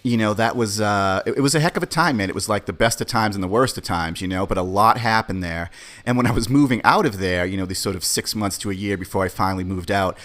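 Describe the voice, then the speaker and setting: Low-voiced man rambling through a story. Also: fairly bright tone. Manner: rambling storytelling, peppered with "you know, man". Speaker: podcast host. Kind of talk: casual podcast monologue.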